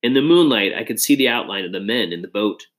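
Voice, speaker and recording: A man reading a children's adventure story aloud in an expressive, dramatic way. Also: on the low side, fast talker. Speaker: audiobook reader. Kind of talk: storybook narration.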